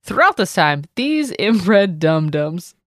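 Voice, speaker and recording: A woman's voice: lowish voice, sing-song, takes it slowly, fairly bright tone, no room sound, clean studio sound. A young adult woman hosting a comedy history podcast, telling the story with irreverent jokes and swearing. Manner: irreverent, jokey, swearing asides. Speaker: podcast host.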